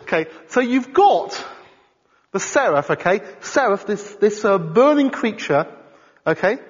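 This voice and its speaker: A high, lively male voice preaching a sermon, rising and falling as he talks with the congregation and checks that they follow. The sound is dull and carries a long hall reverb. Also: a little slow. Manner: animated, conversational, asks the congregation questions.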